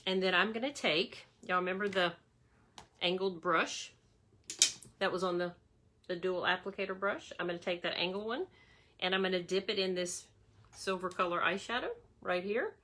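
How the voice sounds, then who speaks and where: Woman, casual makeup demo host, bright chatty voice, calls viewers y'all. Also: on the low side, moderate pace. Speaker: makeup demonstrator.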